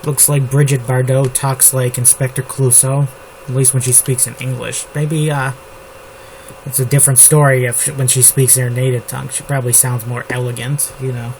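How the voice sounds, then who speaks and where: A man writing a novel on camera, slowly reading his draft aloud and rambling about it with lots of fillers. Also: medium pitch, poor audio. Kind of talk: writing session, thinking aloud. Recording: steady background noise with keyboard typing. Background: computer keyboard typing.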